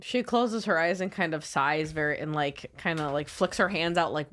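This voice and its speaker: A woman's voice: low-pitched, fairly quick, hardly any pauses, fairly bright tone. A woman narrating her character's actions in a casual way during a tabletop game. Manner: casual, loose. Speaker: player.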